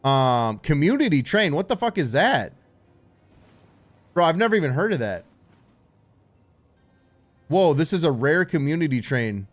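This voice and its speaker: A man live-streaming while gaming, excitable and swearing a lot, stammering through restarts and calling everyone dude and bro. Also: on the high side, a little slow, pauses often, faint music behind. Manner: stammering restarts when overwhelmed.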